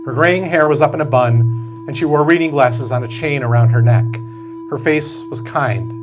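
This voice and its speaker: A man, the author, reading aloud from his novel at a bookstore event in slow, measured storytelling. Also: medium pitch, highs cut off, music in the background.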